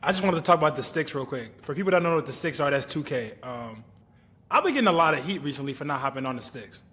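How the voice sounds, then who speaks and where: A man's voice: mid-range voice, big pitch swings, fast talker, pushed and bright. A young man co-hosting a podcast, bantering in a playful, teasing way. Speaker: podcast co-host. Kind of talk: casual chat.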